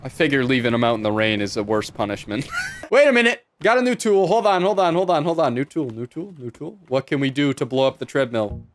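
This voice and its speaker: A man recording gameplay commentary, excitable, yelling and ranting at objects in the game, with sarcastic self-talk. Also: medium pitch, brisk, a little hiss or hum. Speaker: gaming video host. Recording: loud game sounds and mouse clicks behind.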